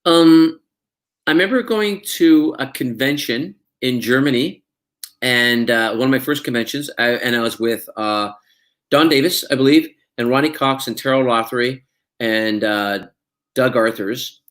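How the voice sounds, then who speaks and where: A middle-aged male actor with a Scottish accent, telling lively anecdotes in an interview and acting out the voices in his stories. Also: medium pitch, unhurried. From Scotland. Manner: animated storyteller, acts out voices in quotes. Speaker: actor guest.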